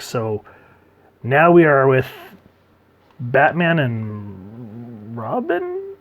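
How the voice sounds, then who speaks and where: A man's voice: medium pitch, husky. A man giving a casual comic book review, rambling with fillers and restarts.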